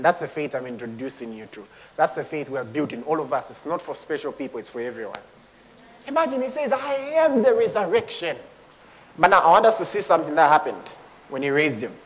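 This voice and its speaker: Impassioned high-voiced male preacher. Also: long reverb tail. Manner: impassioned, swings between hushed and shouting; speaks in tongues. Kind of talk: sermon.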